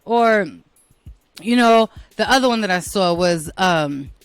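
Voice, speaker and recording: A woman's voice: mid-range voice, lively intonation, slow pace, smooth, no echo, soft background music. An American woman hosting her own show, talking casually to listeners in a blunt, profane and self-mocking way. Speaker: podcast host.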